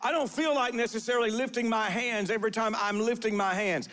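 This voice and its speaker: Speaking in a very high-pitched, steady, fairly bright voice at a fairly quick pace, a pastor gives a sermon whose words trail off into a long reverb tail in the church sanctuary. He makes prophetic declarations, frequently starts and repeats phrases with "uh," and urges the congregation to answer back.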